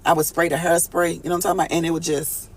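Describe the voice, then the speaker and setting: High-voiced man giving a chatty tarot reading. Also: little pitch movement, very fast, background noise. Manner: casual, profane, chatty, calls viewers y'all; reacts to viewers' chat comments. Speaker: tarot reader. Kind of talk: live collective tarot reading.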